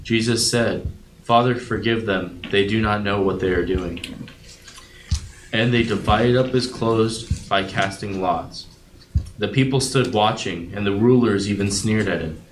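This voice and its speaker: Man reading scripture in an echoey room. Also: lowish voice. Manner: earnest and reflective, with some halting restarts. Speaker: Bible study participant. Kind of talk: reading scripture aloud, then casual reflection. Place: room at a group Bible study. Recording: echoey room with loud background noise.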